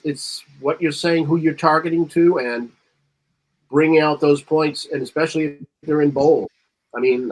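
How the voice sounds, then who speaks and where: A man on a marketing panel talking casually and rambling, reading bits of ad copy aloud with extra emphasis. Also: fairly high pitch. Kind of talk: casual chat.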